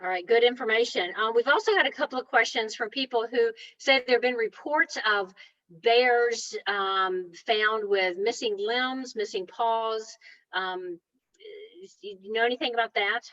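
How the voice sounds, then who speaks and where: A woman hosting, reading out audience questions hesitantly with many pauses. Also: a little high, sharp tone, no echo. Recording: dry, muffled audio.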